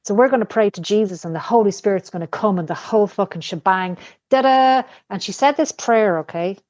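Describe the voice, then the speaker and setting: A woman's voice: medium pitch, fast talker, darkish tone, dry recording. A middle-aged woman, a podcast guest, talking candidly in casual conversation, telling personal stories and swearing freely. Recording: dull lo-fi podcast audio.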